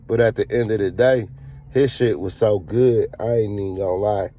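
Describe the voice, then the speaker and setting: Very dark-voiced man telling a story. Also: on the low side, moderate pace, a little hiss or hum. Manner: slangy, profane, laid-back storytelling. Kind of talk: casual storytime monologue.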